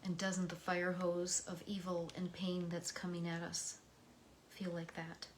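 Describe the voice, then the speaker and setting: Woman, American accent, slow and soft, lowish voice, drifts into whispers, reflective poetry reading. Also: completely flat delivery, slight background noise. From United States. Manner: slow, soft-spoken, often dropping to a whisper. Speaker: host reading poems.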